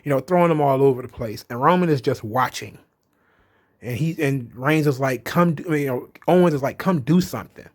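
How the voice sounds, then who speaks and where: A man's voice: medium pitch, fairly quick. A man casually recapping a wrestling show, chatty and profane, retelling scenes and quoting the wrestlers as he goes.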